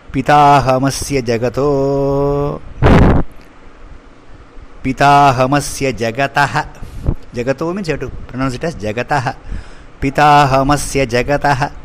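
Guy teaching scripture verse by verse, chants slow then explains, voice a bit high, little hiss behind.

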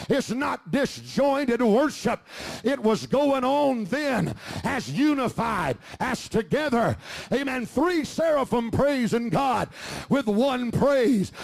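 A middle-aged man preaching a fervent sermon, often rising to shouts. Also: very high voice, creaky. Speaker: pastor.

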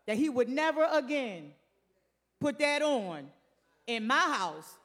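Older woman, sermon, slow deliberate delivery, emphatic repetition, long church-hall reverb. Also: sits high, very animated, fairly bright tone. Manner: emphatic, repeats phrases, addresses congregation directly. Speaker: preacher.

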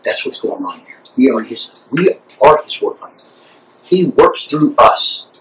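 A man's voice: medium pitch, very animated, a little slow, slight background noise. A man leading a church roundtable as archbishop, talking animatedly with frequent repeats and restarts. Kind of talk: informal church discussion. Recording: echoey room, distant mic.

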